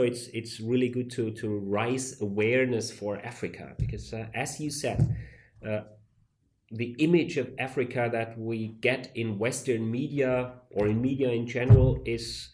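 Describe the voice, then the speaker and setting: A male professor answering interview questions in a measured, deliberate way, often pausing to search for words. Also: medium pitch, darkish tone.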